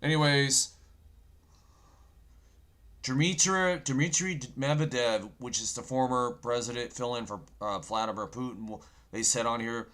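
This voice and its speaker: A man of middling pitch who talks with a sore throat. He gives loud, excited, off-the-cuff end-times commentary, now and then yelling, and keeps calling his listeners "folks". His energy rises and drops as he stops to look something up. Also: unhurried. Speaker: host of an end-times prophecy channel. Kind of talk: excited end-times commentary while browsing news articles.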